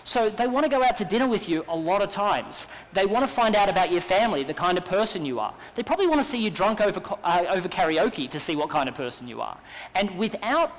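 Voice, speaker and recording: Australian man, conference keynote, high voice, long hall reverb. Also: fast. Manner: energetic, persuasive storytelling. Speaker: business speaker.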